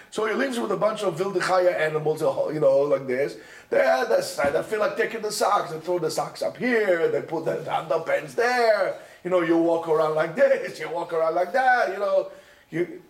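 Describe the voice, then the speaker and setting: A man teaching yeshiva students in an informal lecture, animated and chatty, peppering his talk with Hebrew and Yiddish terms and constant "you know" and "right?". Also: sits high. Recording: echoey room.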